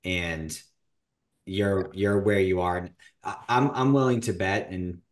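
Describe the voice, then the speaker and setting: A man's voice: sits low, slow. A man hosting a podcast interview, asking long questions with frequent restarts and rambling asides. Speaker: podcast host. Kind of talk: casual interview.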